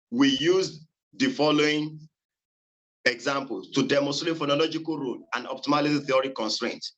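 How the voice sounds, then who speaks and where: A man presenting a seminar on phonology, reading in a halting way with many fillers and repeated words. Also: fairly high pitch, fairly bright tone, rough recording. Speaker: student presenter.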